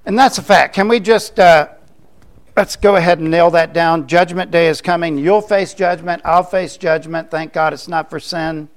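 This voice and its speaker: Older pastor, slightly high voice. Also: male voice, steady tone, normal speed. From Florida, US. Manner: conversational preaching with joking asides. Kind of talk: sermon.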